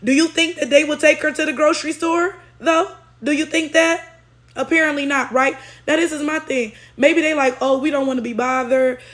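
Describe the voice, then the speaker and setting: High-voiced woman ranting a story. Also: steady tone, moderate pace, a bit bright. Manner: blunt, profane, heated; frequent tag questions. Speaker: storytelling vlogger. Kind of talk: casual storytime rant.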